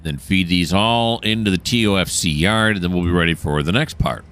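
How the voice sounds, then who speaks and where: A man's voice: low-pitched, a little fast, fairly bright tone. A man narrating a train simulator game as he plays, thinking aloud and correcting himself. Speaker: gameplay commentator. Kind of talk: relaxed let's-play narration.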